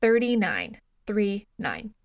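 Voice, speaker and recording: A woman co-hosting a podcast, recapping a film in a profane, exasperated, animated way. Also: medium pitch, takes it slowly, no echo. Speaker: podcast co-host. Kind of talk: casual movie review chat.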